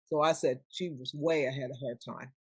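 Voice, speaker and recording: Older woman telling lively stories. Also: a bass voice, fairly quick, breathy edge, no room sound. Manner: animated, acts out quoted voices. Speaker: guest. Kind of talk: storytelling in conversation.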